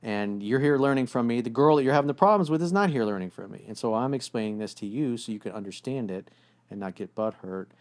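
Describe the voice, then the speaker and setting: A man's voice: medium pitch, fast. A man giving relationship advice in a blunt, casual way, often acting out what partners say to each other. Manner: blunt, animated, acts out quoted voices. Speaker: relationship coach.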